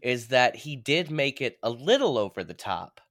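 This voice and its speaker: A man's voice: mid-range voice, big pitch swings, normal speed, fairly bright tone, no echo, clean studio sound. A man co-hosting a podcast, recapping a movie plot in casual, blunt, profane chat. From New England. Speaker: podcast co-host.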